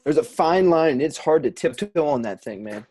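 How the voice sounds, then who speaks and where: A man's voice: a little high, lively intonation, moderate pace, a little mellow, faint music behind. A young man co-hosting a casual podcast, teasing and easygoing. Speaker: podcast co-host.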